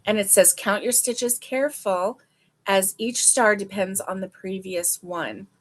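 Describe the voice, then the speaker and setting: A woman's voice: medium pitch, a little slow. A woman hosting a casual crochet livestream, reading stitch descriptions aloud and reacting with delight.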